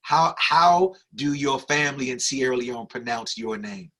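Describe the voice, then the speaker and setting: A man's voice: medium pitch, unhurried, fairly bright tone. A man hosting a podcast interview from a studio, chatting casually and teasing his guest in a playful, talkative way. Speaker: podcast host. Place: recording studio.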